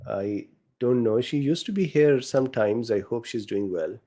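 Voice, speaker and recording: Guy w/ an accent doing live q&a, reads chat out loud, lots of uhs, warm low-key tone. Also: moderate pace. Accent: non-native English accent. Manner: reads chat questions aloud, frequent fillers, chuckles. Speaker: host answering viewer questions. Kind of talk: casual live Q&A talk.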